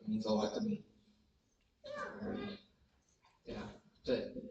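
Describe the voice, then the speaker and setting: A tearful young man speaks unscripted at a memorial, emotional and apologetic, halting as he talks. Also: lowish voice, sing-song, lo-fi sound, heavy background noise. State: tearful, crying. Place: large hall at a memorial gathering. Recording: echoey hall, far from the mic.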